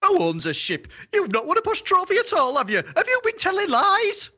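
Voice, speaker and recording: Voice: very high-pitched, huge pitch swings, brisk, bright, forceful tone, exaggerated voice. A performer playing a chatty, proud mum who mishears every word, in a comedy sketch.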